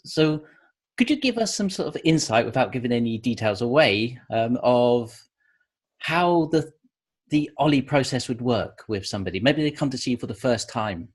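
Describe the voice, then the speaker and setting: A man's voice: mid-range voice, expressive, normal speed, husky. A man hosting an interview podcast, asking questions in an easygoing, affable way and laughing easily. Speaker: podcast host. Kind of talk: interviewing, casual chat.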